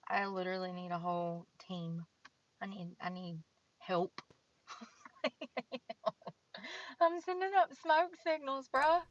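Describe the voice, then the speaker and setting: A woman's voice: medium pitch, takes it slowly, long pauses, highs cut off. A woman streamer talking casually while filling out a form, frustrated and swearing a lot, muttering to herself. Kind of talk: casual rambling stream talk.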